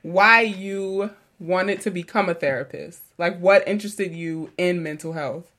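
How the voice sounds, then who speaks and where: Woman podcast host, casual and chatty, quick to laugh. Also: on the low side, sharp tone. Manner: chatty, laughing, lots of fillers.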